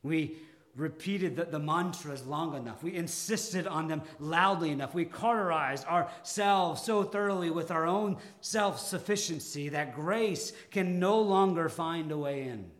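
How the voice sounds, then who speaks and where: A male pastor delivers a sermon in a deliberate, dramatic style, with frequent pauses and shifts between forceful and quiet moments. His pitch sits fairly high.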